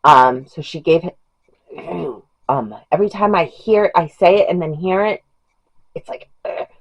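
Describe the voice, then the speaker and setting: A woman's voice: fairly low pitch, animated, measured pace. A woman vlogger chatting about books in a rambling, gushing way. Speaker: book vlogger. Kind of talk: casual chat about books. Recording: dull lo-fi home recording.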